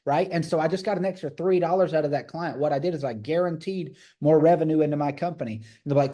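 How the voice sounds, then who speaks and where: A man coaching a live call on sales, talking energetically and acting out the pitches he makes to customers. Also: fast, few pauses. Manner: energetic, emphatic, repeats phrases.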